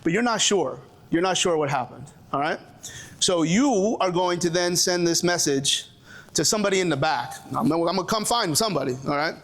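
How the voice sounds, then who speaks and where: A man's voice: high-pitched, expressive, brisk, a bit bright. Joking Brooklyn man at a seminar. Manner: joking, with frequent restarts and audience call-outs. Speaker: presenter at a coaching seminar. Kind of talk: animated live seminar talk. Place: lecture room with a live audience.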